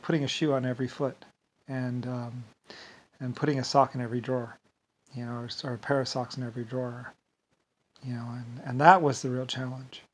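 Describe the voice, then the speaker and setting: A man in a loose, rambling monologue. He stumbles over his words, repeats them and restarts his sentences. His voice sits at an ordinary middle pitch, and he drifts off with filler as he goes. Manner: trails off with "anyway, whatever". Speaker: vlogger.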